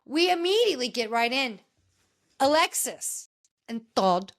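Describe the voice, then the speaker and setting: A woman hosting a podcast, recapping a reality show in casual, gossipy chat with animated, jumpy delivery. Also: measured pace, vocal fry. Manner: animated, gossipy retelling with sudden pitch jumps. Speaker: podcast host.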